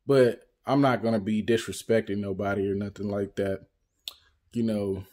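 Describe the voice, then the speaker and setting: A man's voice: lowish voice, fairly even intonation, normal speed, darkish tone. A man from Northern California talking casually to camera on his vlog, loose and rambling, with lots of "you know" and restarts. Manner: loose, rambling, full of "you know what I'm saying". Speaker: YouTube vlogger. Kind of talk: casual storytelling monologue.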